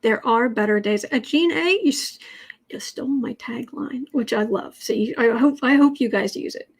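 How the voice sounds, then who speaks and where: A woman chats through her daily tarot livestream from home in a relaxed, meandering way, circling back and restarting her sentences. Her voice sits a touch high for a woman. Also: normal speed, vocal fry, breathy edge. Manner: rambling, with frequent restarts and fillers. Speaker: tarot reader and livestream host. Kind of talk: casual livestream chat.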